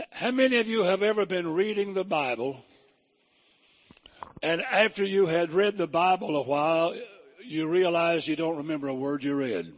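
High-voiced preacher, husky. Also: male voice. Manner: rising to emphatic peaks, drawn-out scripture reading; folksy, plain-spoken. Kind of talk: sermon. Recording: long reverb of a hall.

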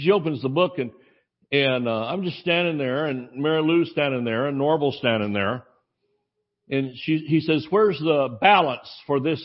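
A man's voice: medium pitch, lo-fi sound. Rambling storytelling male preacher. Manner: rambling anecdotal, acts out quoted voices. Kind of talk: sermon storytelling.

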